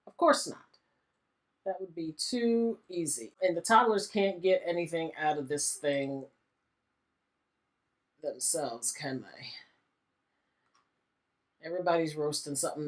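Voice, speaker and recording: A woman hosting a gaming channel, giving casual let's-play commentary in a chatty, exasperated way and often laughing. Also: on the low side.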